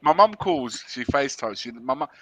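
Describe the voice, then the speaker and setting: A man telling an exasperated anecdote on a casual panel chat, animated and stumbling over his words. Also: mid-range voice, normal speed, no room sound. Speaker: regular panelist. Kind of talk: casual storytelling.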